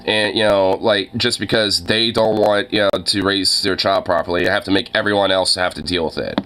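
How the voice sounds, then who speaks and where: Forceful, profane young man ranting. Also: low-pitched, steady tone, brisk, slight background noise. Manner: heavy fillers and swearing, exasperated. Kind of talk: casual profane rant.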